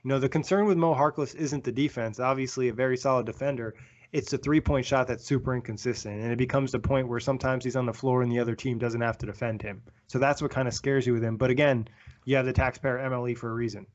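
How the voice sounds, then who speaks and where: Male podcast co-host, brisk casual sports analysis, lo-fi audio. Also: mid-range voice, fairly even intonation. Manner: quick, analytical, frequent fillers. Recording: dull lo-fi sound.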